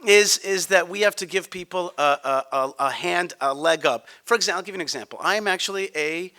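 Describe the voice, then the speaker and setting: A man's voice: high-pitched, a little fast, bright, forceful tone. A man speaking on a conference panel, blunt and emphatic, often restarting his sentences. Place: conference hall.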